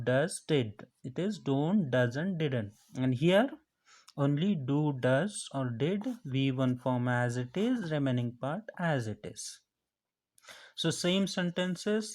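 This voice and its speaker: A man's voice: on the high side, darkish tone. A man teaching a grammar lesson, explaining each step patiently and repeating the key phrases. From India.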